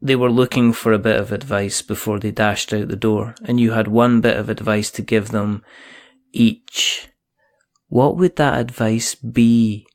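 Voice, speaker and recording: A man's voice: on the low side, fairly even intonation, unhurried. A Scottish man hosting a casual chat over a video call, joking and rambling in a self-deprecating way. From Scotland. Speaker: podcast host.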